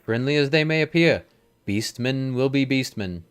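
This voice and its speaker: A man's voice: medium pitch, expressive, moderate pace, smooth, close to an everyday voice. A man voicing a stern, formal male military commander with a stately, old-fashioned delivery, reading game dialogue aloud.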